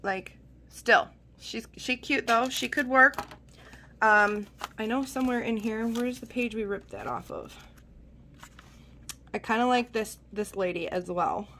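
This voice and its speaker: A woman's voice: a little high, animated, a little slow, pauses often, pushed and bright, a little hiss or hum. A woman rambling in a chatty, self-deprecating way as she talks through her journal crafting at home. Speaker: craft channel host. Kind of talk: casual chat while journaling.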